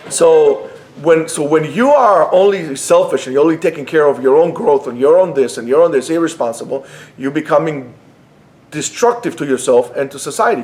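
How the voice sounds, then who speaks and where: A man's voice: on the high side, darkish tone. A man teaching an informal Torah class at a yeshiva, talking conversationally and often restarting his phrases. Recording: echoey room.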